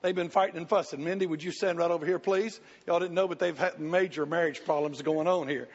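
Folksy pastor, man, husky and high, muffled recording in a reverberant church. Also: steady tone, a little fast. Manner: folksy, joking, pleading. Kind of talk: sermon with congregation volunteers. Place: church sanctuary.

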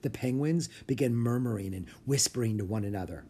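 A man narrating a children's book aloud with expressive storytelling. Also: mid-range voice, a little fast, slightly rough. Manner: expressive, story-telling delivery. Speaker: audiobook narrator.

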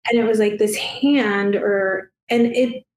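A woman guest telling a personal story in a soft, emotional way, halting and full of fillers and restarts. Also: medium pitch, fairly even intonation, reverberant. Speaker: guest, past life regression therapist.

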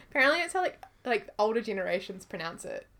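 A woman's voice: mid-range voice, sing-song, fairly quick, fairly bright tone. A young woman co-hosting a podcast in casual chat, laughing often and reading listener reviews aloud. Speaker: podcast co-host.

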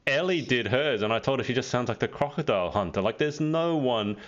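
A man's voice: mid-range voice, animated, brisk. A man hosting a casual live-stream pageant interview over a video call, chatty and teasing as he reads out viewer comments. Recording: dull lo-fi video call audio.

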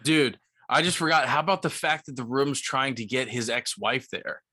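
A tipsy man on a podcast excitedly retelling a movie's plot, rambling with lots of "like" and swearing. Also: medium pitch, normal speed, no echo, studio quality. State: tipsy from liquor. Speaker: podcast co-host. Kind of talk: casual movie-recap chat.

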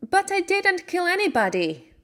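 A woman voicing a young girl who is lost and worried, speaking slowly and clearly. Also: very high-pitched, sing-song, fairly bright tone, pitched above the performer's own voice, exaggerated voice. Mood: puzzled. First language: Slovak. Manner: slow, clearly pronounced.

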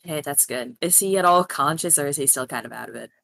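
A woman's voice: deep voice, quick pace, vocal fry, fairly bright tone, no echo. A woman casually playing a tabletop game, hesitant and full of fillers. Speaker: player.

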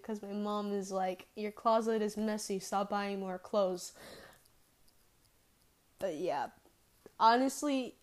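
A teenage girl hosting her own podcast, chatting casually and rambling with many fillers. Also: medium pitch. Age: teens. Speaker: podcast host. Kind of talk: casual solo podcast chat.

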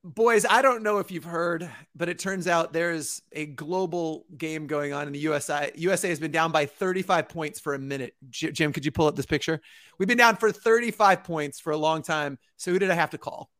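A man's voice: a little high, brisk, fairly bright tone. A man co-hosting a comedic panel chat who rambles through joking bits. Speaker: show co-host.

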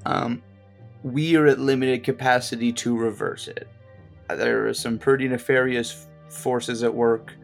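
A man of middling pitch with a gravelly, creaky voice plays a tabletop game. He chats casually and jumps quickly between plans and asides. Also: flat delivery, soft background music. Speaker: player.

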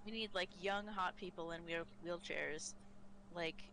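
Woman, lower pitch, opinionated casual chat, faint background noise. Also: a little slow, a bit bright, rough recording. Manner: chatty, opinionated. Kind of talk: casual chat ranking game characters.

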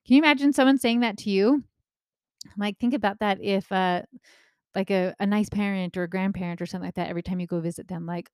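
A woman in her thirties talks through parenting advice in a casual, animated way. She slips into the voices of the people she quotes and keeps checking in with her listener. Her voice is mid-pitched and recorded close and dry. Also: fast talker, clear, resonant tone, no echo. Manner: animated, acts out quoted remarks, often asks "right?".

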